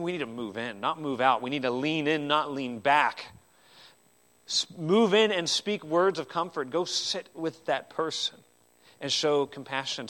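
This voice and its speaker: Man, sermon, earnest preacher, bright tone, a bit high, sweeping loud and soft, repeats words on restarts. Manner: earnest preaching with sweeping rises and drops in loudness. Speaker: pastor.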